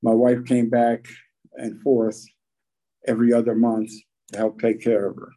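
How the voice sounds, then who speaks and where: An older man telling his recovery story at a meeting, folksy and halting, with frequent pauses. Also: medium pitch, completely flat delivery, mellow, poor audio. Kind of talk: personal recovery talk.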